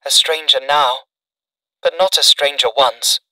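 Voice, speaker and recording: A man voicing a gentle young woman who speaks softly, in a storybook reading. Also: mid-range voice, steady tone, moderate pace, no room sound, far from the mic, poor audio. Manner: soft, gentle. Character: soft-spoken young woman from his past.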